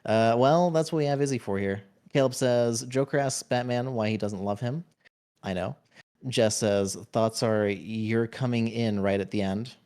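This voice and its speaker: A man's voice: medium pitch, normal speed, a little mellow, clear, resonant tone. A man streaming a game, casually reading viewers' chat messages aloud and adding playful, jokey asides. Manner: playful, jokey asides between read-outs.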